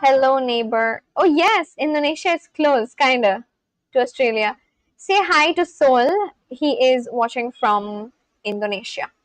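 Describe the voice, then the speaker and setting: Chatty high-voiced woman streamer. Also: measured pace, no room sound. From India. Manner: chatty, reads and answers chat aloud, laughs often. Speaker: livestream host. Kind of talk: casual livestream chat.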